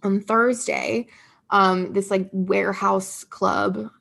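A woman's voice: mid-range voice, steady tone, slow, vocal fry, fairly bright tone. A young woman co-hosting a podcast, chatting and gushing about pop culture with frequent laughs. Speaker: podcast co-host. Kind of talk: casual pop culture chat.

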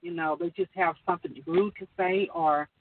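A woman's voice: lowish voice, fairly even intonation, moderate pace, slight background noise. A woman on a call talking earnestly about running her own business, rambling with many fillers. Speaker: caller sharing business advice. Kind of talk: casual chat. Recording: distant tinny phone line.

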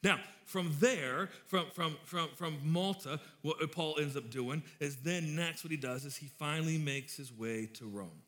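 A man's voice: a little high, a little slow, few pauses, a bit bright. A man in his thirties preaching a sermon, informal and joking, telling stories to his congregation. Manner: joking storyteller, chatty and informal. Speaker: pastor.

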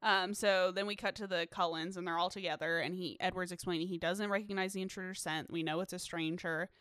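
A woman's voice: lowish voice, steady tone, a little fast, a bit bright, dry recording. A woman co-hosting a podcast, recapping a movie in casual, chatty talk, swearing freely and laughing often. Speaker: podcast co-host.

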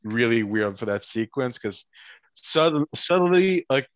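A man's voice: medium pitch, lively intonation, no room sound, lo-fi sound. A man co-hosting a movie podcast, chatting casually and often stumbling over repeated words. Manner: halting, repeats words when searching. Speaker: podcast co-host. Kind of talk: casual movie review chat.

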